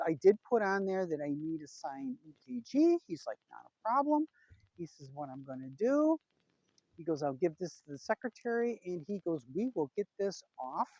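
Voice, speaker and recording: A woman's voice: fairly low pitch, warm tone, no room sound, muffled recording. A middle-aged woman vlogging a casual personal update, chatty and retelling a conversation with lots of "he goes".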